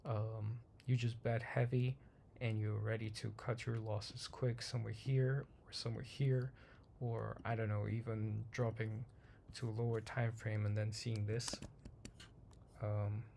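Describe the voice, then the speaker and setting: A man hosting a daily market review, talking casually through charts in a slightly hoarse voice, rambling and repeating himself with many ums. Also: lowish voice, flat delivery, measured pace, mellow, a little hiss or hum. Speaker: trading channel host.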